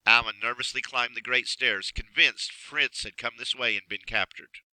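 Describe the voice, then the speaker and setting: A man reads a children's story aloud, expressive and measured, pacing every sentence with care. His voice is strikingly bright and sharp, recorded close and dry, with no room sound. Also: medium pitch, no echo, low-quality recording. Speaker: narrator. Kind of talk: storybook reading.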